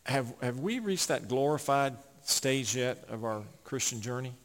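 A man preaching a sermon, swinging from loud emphatic peaks to hushed asides. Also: mid-range voice, animated, measured pace. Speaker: pastor. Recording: long hall reverb.

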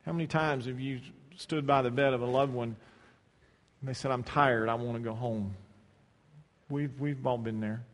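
A man preaching a sermon, swinging between loud, stretched-out scripture reading and soft, low asides, often repeating words as he restarts. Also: steady tone, normal speed, pauses often. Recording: long hall reverb.

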